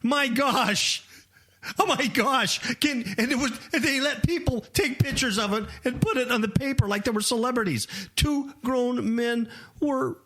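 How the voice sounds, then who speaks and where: A man's voice: extremely high pitch, measured pace, background noise. A man co-hosting a talk radio show, ranting animatedly with frequent laughs. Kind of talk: opinionated talk radio chat.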